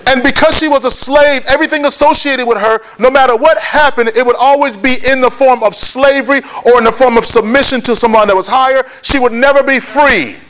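Very high pitched guy preaching, keeps asking the crowd for answers, pushy call and response. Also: fairly quick, few pauses, a bit bright. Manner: urging, repeatedly prodding listeners for answers.

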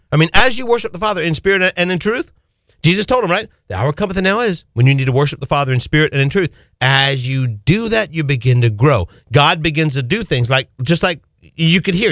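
Fervent man, radio preaching, exclamatory, higher-pitched, dry studio sound. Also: a bit bright, dry recording. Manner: fervent, exclamatory, rhetorical questions.

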